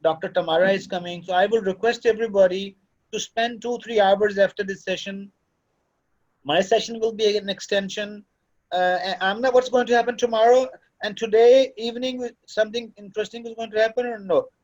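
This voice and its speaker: Talking to a class of students, a male lecturer and course director sounds fatherly and switches into Urdu at times. His high-pitched voice is steady in tone and a little fast, captured on a muffled recording.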